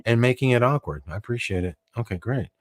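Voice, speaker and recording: A man's voice: mid-range voice, animated, fast talker, dry recording. A man hosting a live broadcast, rambling and joking in casual banter, swearing freely and restarting his sentences. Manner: rambling, joking, profane, frequent fillers and restarts. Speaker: show host.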